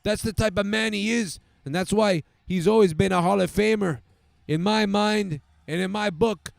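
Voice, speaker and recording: A man doing an impression of a famous rapper, with a put-on accent, telling a crude, rambling tall tale. The voice is raised a bit higher and louder than his own, gravelly yet smooth. It is recorded dry and close, with faint music underneath. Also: moderate pace, dry recording. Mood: boastful storytelling. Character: impression of a famous laid-back male rapper.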